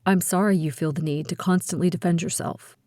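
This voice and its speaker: A woman voicing a caring teenage boyfriend who speaks slowly and softly, in an audiobook. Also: lowish voice, steady tone, dry recording, studio quality, natural voice. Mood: concerned.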